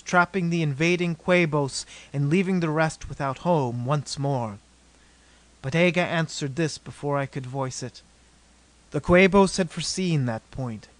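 A man narrating an adventure novel as an audiobook in a steady, measured reading. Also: on the high side, no echo.

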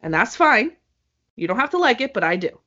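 A woman co-hosting a casual podcast chat, an animated storyteller who acts out the voices she quotes. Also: a little high, brisk. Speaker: podcast co-host. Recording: slightly dull lo-fi audio.

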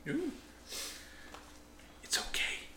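A man playing a tabletop game, making playful quips. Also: extremely slow. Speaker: player. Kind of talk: casual game chat. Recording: echoey room, faint noise.

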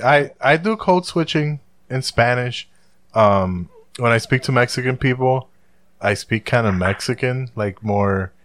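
A man's voice: medium pitch, fairly bright tone, dry recording. A man from Puerto Rico in casual chat, loose and profane. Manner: loose, swearing, laughs often.

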